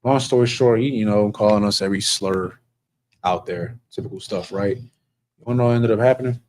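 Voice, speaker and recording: Low-voiced man telling a rambling story. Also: a little fast, darkish tone, a little hiss or hum, low-quality recording. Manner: rambling, many fillers and restarts, earnest. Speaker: officer of a religious group. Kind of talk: casual storytelling.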